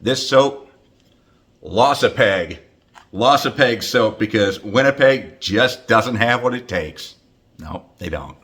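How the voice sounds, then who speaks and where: A man's voice: fairly low pitch, lively intonation, slow, fairly bright tone. A man in his fifties chatting to camera in a joking vlog, teasing and playful, with plenty of fillers and asides. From United States. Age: 50s. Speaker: hockey announcer making a greeting video.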